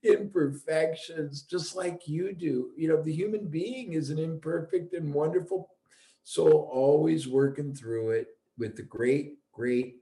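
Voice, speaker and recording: A man with a gravelly, mellow voice, thinking aloud in a relaxed chat and restarting his phrases as he looks for words. His voice rings a little in an echoey room. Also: a little high, measured pace. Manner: thoughtful, restarts, searching for words. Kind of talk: reflective conversational chat.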